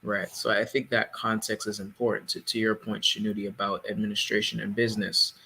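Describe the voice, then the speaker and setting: A man co-hosting a casual panel discussion, speaking in a measured, explanatory way. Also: on the low side, little pitch movement, sharp tone, a little hiss or hum. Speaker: podcast co-host.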